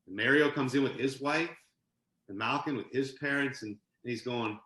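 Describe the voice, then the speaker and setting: A man with a bright, forceful voice tells stories at an animated clip, now and then laughing as he goes. He sounds like a guest on a casual podcast, and the sound carries a roomy echo. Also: mid-range voice, fairly quick. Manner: animated anecdote-telling, laughs mid-story. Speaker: podcast guest, author and sportscaster. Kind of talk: casual storytelling interview.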